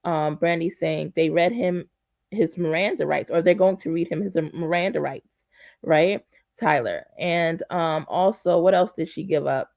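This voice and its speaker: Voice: mid-range voice, unhurried, creaky, darkish tone, no room sound. A true crime commentary host recapping in a rambling, filler-heavy way. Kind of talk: casual commentary. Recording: dull, lo-fi dry recording.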